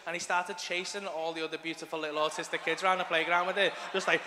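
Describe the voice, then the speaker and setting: A man's voice: on the high side, little pitch movement, fast talker, noisy background. A man doing stand-up, telling a crude story with lots of swearing and chatty asides. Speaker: stand-up comedian. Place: live comedy venue, large hall. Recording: live hall with long reverb.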